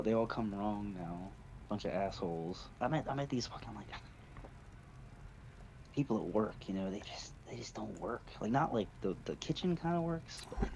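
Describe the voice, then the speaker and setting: A man's voice: fairly low pitch, a little mellow, lo-fi sound, slight background noise. A man telling family stories in casual chat, rambling and swearing, laughing between lines. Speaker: stream party guest.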